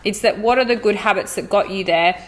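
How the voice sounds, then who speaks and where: A woman with a mid-pitched voice talks as a podcast co-host and coach. She explains things at length, piling up example after example in an easy, casual way. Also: brisk. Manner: explains with long lists of examples. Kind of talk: casual chat.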